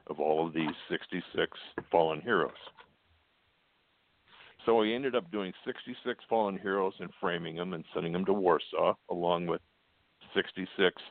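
Older american guy, deep gravelly voice, telling a story over a tinny phone line. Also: no echo. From United States. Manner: plainspoken, with fillers and quoted dialogue. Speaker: guest.

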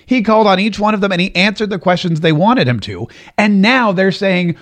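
Animated man doing political commentary. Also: high-pitched, a little fast, few pauses. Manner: animated, repeats words and restarts. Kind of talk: casual commentary.

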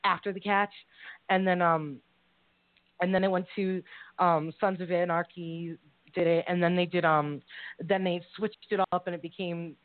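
A woman's voice: on the low side, fairly even intonation, normal speed, no room sound. A woman co-hosting a casual live call-in show, gushing and rambling with many fillers. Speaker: co-host. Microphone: call-in line. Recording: tinny phone-line sound.

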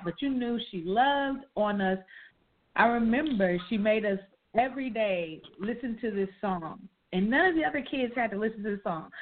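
A woman co-hosting a casual talk show, animatedly telling a childhood story. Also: a little high. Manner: animated, reminiscing, emphatic. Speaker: co-host. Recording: tinny phone-like line.

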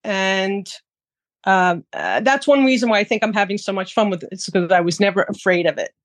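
A woman with a mid-range voice speaks fairly quickly on a dry recording. As a guest in a casual interview, she chats about teaching firearms classes, using frequent fillers.

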